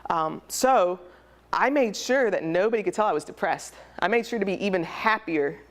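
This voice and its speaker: A woman's voice: mid-range voice, animated, moderate pace. A young woman speaking candidly and emotionally at a conference, telling a personal story in a conversational way. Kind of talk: personal testimony talk. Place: conference hall.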